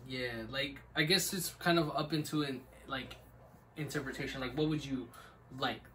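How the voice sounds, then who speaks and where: A man's voice: mid-range voice, moderate pace, sharp tone. A young man co-hosting a casual podcast, rambling and laughing often. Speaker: podcast co-host. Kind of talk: casual chat. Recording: distant mic, faint background noise.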